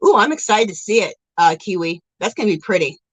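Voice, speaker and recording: Chatty woman livestreaming with a lively voice. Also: medium pitch, fast talker, slightly rough, dry recording, poor audio. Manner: chatty and effusive, calls viewers girl and sweetie. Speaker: livestream host of a yarn crafting show. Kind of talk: casual livestream chat, reading comments aloud. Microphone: phone.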